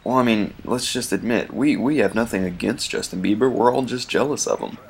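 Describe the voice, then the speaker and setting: A man's voice: on the low side, brisk, creaky. A man giving casual, rambling gameplay commentary, chatty and full of ums, chuckling often.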